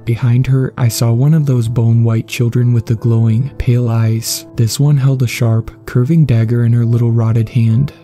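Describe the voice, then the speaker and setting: A man reading a horror story aloud in a measured, ominous storytelling style. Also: mid-range voice, level tone, dark tone. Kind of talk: scripted horror narration. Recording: faint music underneath.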